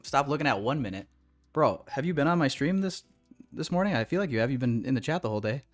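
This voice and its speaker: A man's voice: mid-range voice, animated, fast, faint music behind. A young man hosting a trading livestream, ranting casually and profanely at his chat with big swings in energy.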